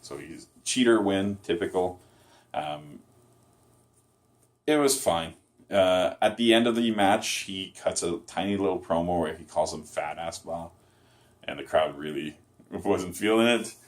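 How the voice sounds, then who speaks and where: A man with a notably low, deep voice talks through a wrestling episode as a casual solo review. He rambles, stacks up fillers and corrects himself mid-sentence. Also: measured pace.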